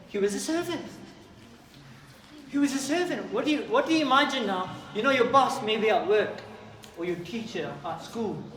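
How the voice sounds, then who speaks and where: A man giving a lively talk to a youth group, questioning and calling out to his listeners. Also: sits high, a little hiss or hum. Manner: animated, questions and calls out to listeners. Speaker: youth teacher. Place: community hall with young audience. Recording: roomy hall, distant mic, crowd behind.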